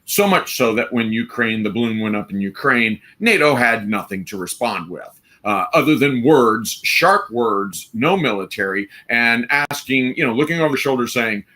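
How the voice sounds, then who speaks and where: A man with a bright, sharp-edged voice hosts a live stream. He talks in an emphatic, rambling way and breaks into mocking quotes now and then. The pitch sits in an ordinary middle range. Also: animated, normal speed, hardly any pauses. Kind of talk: opinionated live stream commentary.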